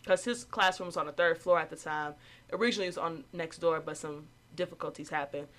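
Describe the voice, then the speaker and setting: A young woman who runs an after-school program, casually telling a story and acting out the quotes in a higher voice. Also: fast talker, fairly bright tone.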